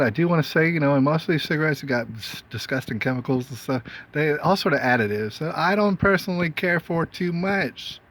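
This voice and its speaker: Rambling man in a casual monologue. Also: mid-range voice. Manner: meandering, frequent fillers and rhetorical questions. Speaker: host.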